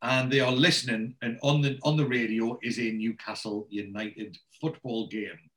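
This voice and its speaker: A man recapping a TV episode in relaxed conversation, wandering off on asides and restarting his sentences as he goes. His pitch sits in the ordinary middle for a man. He sounds like a podcast host talking through the plot. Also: moderate pace. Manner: rambling storyteller, restarts and asides. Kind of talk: casual chat recapping a TV episode.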